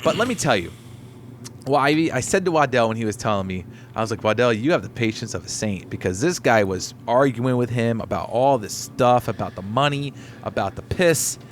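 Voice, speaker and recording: A man's voice: mid-range voice, lively intonation, normal speed. Delivery driver guy cohosting a podcast, rambling and swearing, bit of hiss in the background. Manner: rambling, profane storyteller. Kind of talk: casual chat.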